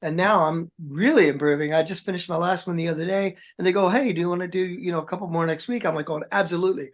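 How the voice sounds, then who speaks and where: A man's voice: high voice, fairly even intonation, fast talker. A man, a rock drummer, telling long rambling stories in a casual interview chat. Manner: rambling, chatty storyteller, says man and dude a lot.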